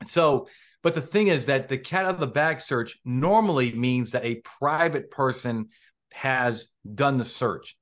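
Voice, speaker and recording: A man's voice: medium pitch, unhurried, a bit bright. Man teaching police law live. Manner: conversational, quizzes the audience with questions. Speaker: legal trainer hosting a live police Q&A. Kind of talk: live webinar teaching, casual lecturing.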